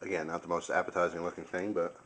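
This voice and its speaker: Low-voiced man raving about food. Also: little pitch movement, fast, fairly bright tone, a little hiss or hum. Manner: enthusiastic, chatty, talks with mouth full. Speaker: video host. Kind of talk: casual food review vlog.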